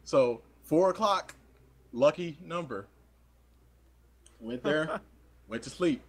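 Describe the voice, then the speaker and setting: Lively young man telling a story. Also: fairly high pitch, slow pace, breathy edge. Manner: animated, laughs a lot, acts out quoted voices. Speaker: podcast co-host. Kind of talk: casual storytelling chat.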